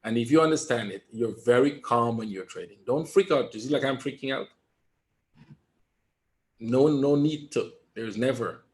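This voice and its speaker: A man giving live trading commentary in a webinar, calm and reassuring, repeating his points and often asking "right?". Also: mid-range voice, moderate pace. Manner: emphatic, talks straight to viewers. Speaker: trader teaching a webinar.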